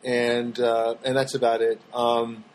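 A man's voice: medium pitch, completely flat delivery, takes it slowly, slight background noise, low-quality recording. A man hosting his own show from a studio apartment, rambling and joking in a loose monologue with many restarts. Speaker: podcast host. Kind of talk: casual solo monologue.

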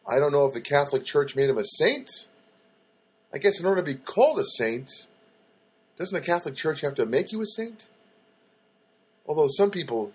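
A man's voice: medium pitch, slightly rough. A man hosting his own show from a studio apartment, musing through a rambling comic monologue with lots of fillers and self-corrections. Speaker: host of a comedy web show.

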